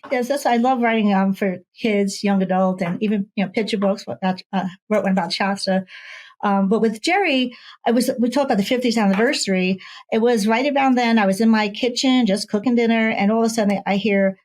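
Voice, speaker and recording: Animated woman author telling a story. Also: mid-range voice, a little fast, rough recording. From Ohio. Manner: animated storyteller, acts out quoted voices. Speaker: author and guest. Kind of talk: casual interview storytelling.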